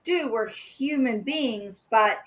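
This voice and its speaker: A woman with a fairly high voice hosts a relaxed podcast conversation. She talks in an encouraging, reflective way, often restarting her sentences mid-thought. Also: slow pace. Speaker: podcast host. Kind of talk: casual interview chat.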